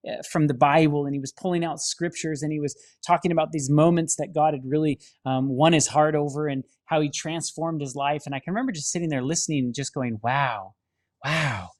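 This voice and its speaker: A man's voice: a little high, fairly even intonation, fast, hardly any pauses, darkish tone. Man telling an earnest faith testimony. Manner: earnest storytelling with many restarts and dramatic acted-out quotes. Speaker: film studio director.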